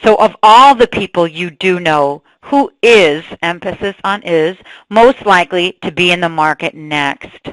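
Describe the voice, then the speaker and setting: A woman giving a sales training webinar, energetic and asking her audience questions, on a computer mic. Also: fairly low pitch, moderate pace, dry recording, poor audio.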